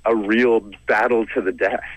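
A man's voice: on the low side, steady tone, a little slow, dry recording, low-quality recording. A young Canadian man, a comedian and storyteller, telling a self-deprecating story in a casual, rambling way with lots of "like" and "you know".

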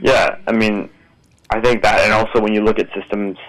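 A man's voice: fairly low pitch, level tone, moderate pace, poor audio. A man in casual discussion, speaking in a hesitant, conversational way.

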